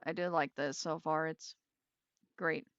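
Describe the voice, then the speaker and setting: Woman reading a novel aloud, casual asides; smooth voice, dry close audio. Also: low-pitched, fairly even intonation, a little slow, a bit bright, no echo, lo-fi sound. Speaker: reader.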